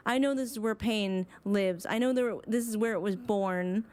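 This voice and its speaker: A woman gaming streamer giving casual, animated commentary while she plays, reacting freely and swearing now and then. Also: medium pitch, normal speed, hardly any pauses. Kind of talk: casual let's-play commentary. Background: faint game music.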